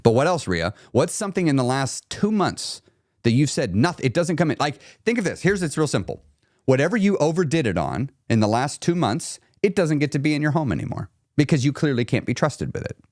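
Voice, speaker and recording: A man coaching a viewer bluntly, challenging her with rapid-fire questions and frank examples. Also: a little high, big pitch swings, a little mellow, no room sound, studio quality. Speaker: weight-loss coach. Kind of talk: direct coaching talk to a viewer.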